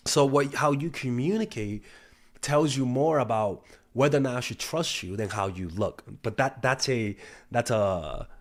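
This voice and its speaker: A man's voice: mid-range voice, normal speed. A young man giving casual dating advice, swearing freely and often restarting his sentences. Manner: profane, storytelling, frequent restarts and stumbles. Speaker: dating coach. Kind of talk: casual talking-head advice.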